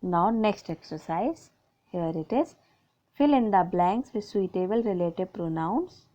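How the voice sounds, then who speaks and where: A woman's voice: on the low side, animated, measured pace, mellow, highs cut off. A woman teacher with an Indian English accent, patiently working through grammar exercises from a school book, reading out sentences and repeating the answers. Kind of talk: explaining textbook grammar exercises.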